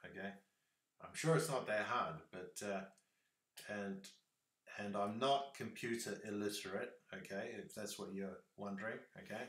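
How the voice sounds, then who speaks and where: A man's voice: on the low side, pushed and bright, reverberant. A man with a New Zealand accent chatting casually on a livestream, rambling with lots of fillers.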